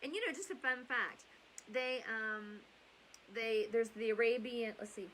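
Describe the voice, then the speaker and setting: A middle-aged woman with a somewhat high voice tells a bedtime Bible story. She rambles into chatty asides and corrects herself as she goes. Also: measured pace, a bit bright, a little hiss or hum, low-quality recording. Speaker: storyteller and host.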